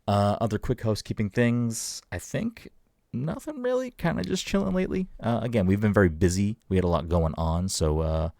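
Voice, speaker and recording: Deep-voiced man on a casual podcast. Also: vocal fry, mellow, no echo, clean studio sound. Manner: rambling, laid-back, swears casually. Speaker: podcast co-host. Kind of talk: casual chat.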